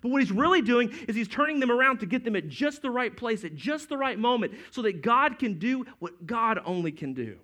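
A man's voice: very high voice, very animated, fairly quick, few pauses, pushed and bright. A middle-aged man preaching a sermon as pastor, in a conversational, storytelling way that acts out quotes.

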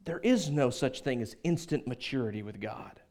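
A man's voice: mid-range voice, expressive, moderate pace, darkish tone. A man preaching a sermon to his congregation in a conversational way, with asides and quoted lines. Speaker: pastor. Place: church sanctuary.

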